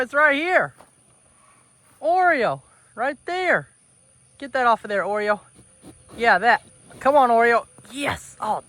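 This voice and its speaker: Outdoors on his farm, a homesteader vlogger talks casually to the camera and coos affectionately at his animals by a fence. His voice is very high and sharp-toned, with no room sound.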